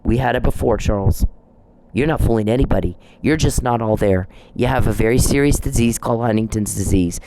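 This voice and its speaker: A man's voice: on the low side, fairly quick, background noise. Man ranting emphatically in a monologue. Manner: emphatic, repetitive, accusatory ranting. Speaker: podcast host. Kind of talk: solo podcast monologue.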